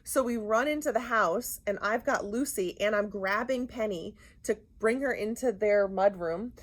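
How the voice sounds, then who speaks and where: A woman co-hosting a knitting podcast in casual chat, telling stories with lively acted-out quotes and a Rhode Island accent. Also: moderate pace. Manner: animated storyteller, acts out quotes with big pitch jumps. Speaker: podcast co-host.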